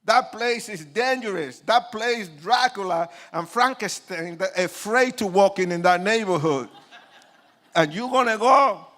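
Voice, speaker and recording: An older Puerto Rican man gives his testimony to an audience, telling his life story dramatically at an unhurried pace in a high voice. He acts out quoted lines, swings between hushed and loud, and jokes with his listeners.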